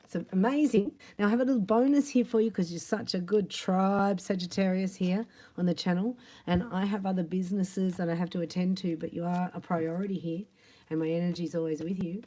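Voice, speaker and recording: A woman giving a tarot reading in a chatty, animated monologue, acting out imagined quotes and sometimes dropping to a soft whisper. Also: fairly low pitch, a little fast. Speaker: tarot reader.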